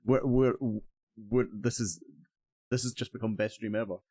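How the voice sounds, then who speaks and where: A man's voice: medium pitch, steady tone, moderate pace, warm tone, breathy edge, no echo. Scottish guy hosting a gaming stream, chatty, trips over his words a lot, dry sound no room. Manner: chatty, cheerful, stumbling restarts. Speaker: streamer host. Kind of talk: casual stream chat.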